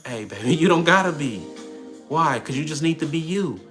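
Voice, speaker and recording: A man's voice: fairly high pitch, expressive, normal speed, a bit bright. A man hosting a casual livestream monologue, talking in slang and preaching through rhetorical questions. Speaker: livestream host. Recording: music under the voice. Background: music playing.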